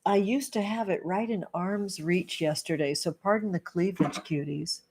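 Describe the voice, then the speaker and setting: Woman, livestream host, gushing, affectionate, pet names, lowish voice. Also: normal speed, a little mellow, slightly rough. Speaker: livestream host, tarot reader and witch. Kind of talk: casual livestream chat with viewers.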